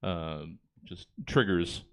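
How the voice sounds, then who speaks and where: A man's voice: sits low, takes it slowly, fairly bright tone, smooth. A man hosting a live comedy show, giggly, apologetic and loose in his delivery. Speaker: host. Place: comedy theater stage.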